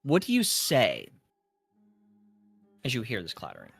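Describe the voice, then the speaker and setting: Man running a tabletop game, lively pitch. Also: measured pace, gravelly, slightly rough, faint music behind. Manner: relaxed, hesitant narration with restarts. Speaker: dungeon master.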